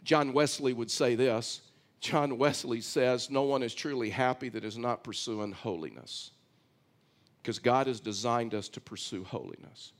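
A man's voice: mid-range voice, measured pace. A man from Texas with a Texan accent, preaching a conversational, storytelling sermon as pastor.

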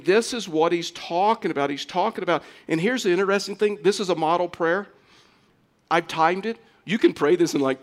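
A man's voice: on the high side, a bit bright. A middle-aged man preaching a sermon, earnest and conversational, often restarting his sentences. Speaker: pastor.

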